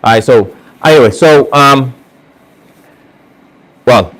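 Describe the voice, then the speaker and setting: A man with an accent hosting his own casual opinion vlog, talking straight to his viewers in halting bursts with many restarts and fillers. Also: mid-range voice, a bit bright. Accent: non-native English accent. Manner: earnest, talks straight to viewers. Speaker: channel host.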